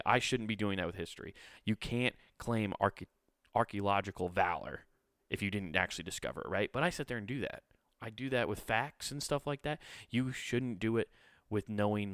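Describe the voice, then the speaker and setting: A man's voice: fairly bright tone, clear, resonant tone, dry recording, studio quality. A man hosting a solo podcast, ranting with plenty of swearing and mocking others now and then in a sneering voice. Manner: profane, ranting, mocks others in a high sneering voice. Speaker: podcast host.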